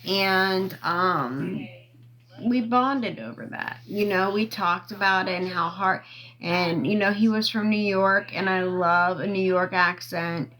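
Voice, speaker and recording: A woman's voice: medium pitch, takes it slowly, a bit bright, poor audio. A woman chatting casually on a livestream, rambling through a personal story and asking viewers for gifts. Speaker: TikTok live streamer.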